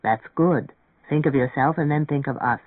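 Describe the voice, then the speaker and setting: In an audiobook reading, a man voices a gentle, kindly older record-shop owner, speaking softly, calmly and patiently. His natural voice is a little high and moves at a moderate pace. The sound is dry and narrow like a phone, with no echo.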